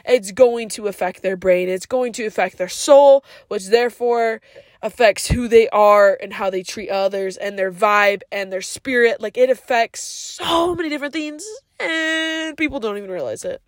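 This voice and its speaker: A woman's voice: fairly high pitch, moderate pace, no echo, studio quality. A woman hosting a podcast, giving a casual but earnest, preachy monologue full of "like" and slang such as "yo" and "bro". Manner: frequent "like" fillers. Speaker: podcast host.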